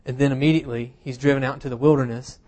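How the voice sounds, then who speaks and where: Male preacher, mid-pitched, chatty sermon delivery, dry self-deprecating humor, lots of ums. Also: fairly even intonation, racing, a little mellow. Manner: casual and self-deprecating, with humorous asides and frequent fillers. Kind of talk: conversational sermon.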